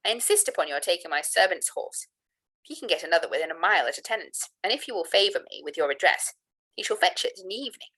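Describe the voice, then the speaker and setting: A woman's voice: on the low side, lively intonation, quick pace, sharp tone, breathy edge, exaggerated voice. A woman voicing a young male nobleman from an old novel, speaking with formal, insistent politeness. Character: young male lord, proud, now courteous.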